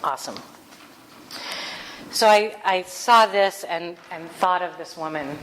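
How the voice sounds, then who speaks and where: A woman minister giving a sermon, telling stories with animated, acted-out quotes. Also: fairly low pitch, takes it slowly, slight background noise, low-quality recording. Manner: animated storytelling, acts out quoted voices.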